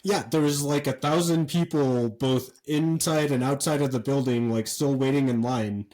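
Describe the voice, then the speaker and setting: A man co-hosting a podcast, telling a story in a rambling, animated way with lots of fillers and swearing. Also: medium pitch, normal speed, low-quality recording. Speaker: podcast co-host. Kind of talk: casual chat.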